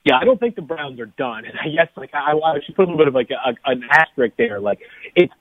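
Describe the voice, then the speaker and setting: A man's voice: fairly high pitch, lively intonation, fast. A man calling in as a guest analyst on a sports radio show, rambling with many restarts and fillers. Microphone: phone. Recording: tinny phone line.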